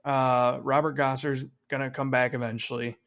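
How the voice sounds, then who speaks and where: A man co-hosts a sports podcast in relaxed, casual chat. His middle-pitched voice carries a gravelly edge, and he swears freely and trails off with fillers as he talks. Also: normal speed. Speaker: podcast co-host.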